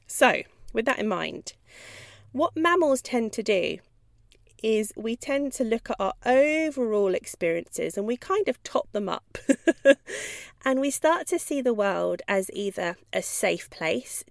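Woman, podcast host, chatty and quick to laugh, dry close sound. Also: fairly high pitch, sing-song, creaky, no room sound. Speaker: podcast host, dog trainer. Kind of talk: podcast monologue.

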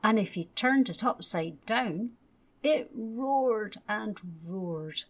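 A woman gently and expressively reading a children's bedtime story aloud. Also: mid-range voice, animated, takes it slowly.

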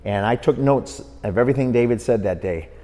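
A middle-aged boxing referee from Wisconsin, appearing as a podcast guest, tells a long story in an interview and acts out the people he quotes with lively energy. His mid-range voice moves a little fast, with a long reverb tail.

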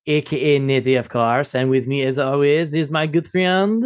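A man's voice: on the high side, moderate pace, hardly any pauses, smooth. A man co-hosting a casual movie review podcast, joking and rambling in a self-deprecating way. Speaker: podcast co-host.

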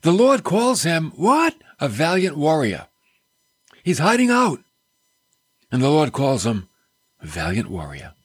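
A man hosting a radio Bible teaching from a studio, folksy and animated, with joking asides. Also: on the high side, measured pace, pauses often, slightly rough, no echo. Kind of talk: radio sermon.

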